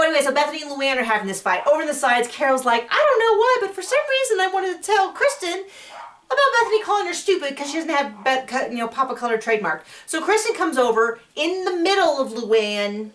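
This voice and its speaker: A woman chatting casually as she recaps a show, rambling and acting out quotes in a higher voice. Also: animated, fast talker, hardly any pauses, fairly bright tone, recorded from a distance. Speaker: recap vlogger.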